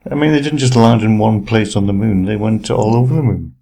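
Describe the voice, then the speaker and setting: A man's voice: on the low side, fairly quick, warm tone. A man in casual chat, jokey and chatty, often repeating words.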